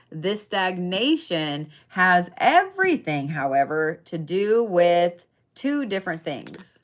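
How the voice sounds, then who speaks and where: A young adult woman talks through a tarot reading in an easy, unhurried way, her voice sitting a little low. She is chatty and emphatic, often stopping to check that her listeners are with her. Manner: chatty, emphatic, frequent "okay?" check-ins, swears casually. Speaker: tarot and zodiac reader. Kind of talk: casual live tarot reading.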